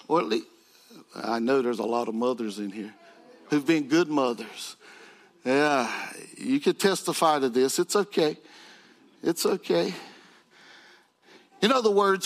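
A man's voice: on the high side, lively intonation, slow pace, long pauses. A man preaching a sermon to his congregation, building emphasis through repetition.

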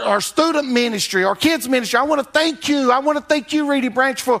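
An older pastor with a drawl preaches with a high, ringing voice. His delivery swings between loud, lifted calls and low, quiet drops. He chuckles along with his congregation in an easy, folksy way. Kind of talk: sermon.

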